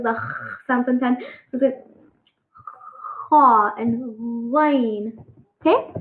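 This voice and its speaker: Woman, high voice, casual pronunciation lesson, halting with fillers, encouraging, tinny phone-like audio. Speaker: Arabic alphabet teacher. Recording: echoey, tinny phone-like sound.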